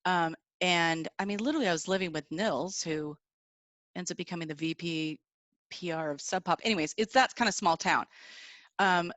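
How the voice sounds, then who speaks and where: A middle-aged woman from the Seattle area, a guest musician, telling stories in a chatty, animated way and laughing often. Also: fairly low pitch, normal speed, no echo. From Seattle area, USA. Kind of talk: casual interview storytelling.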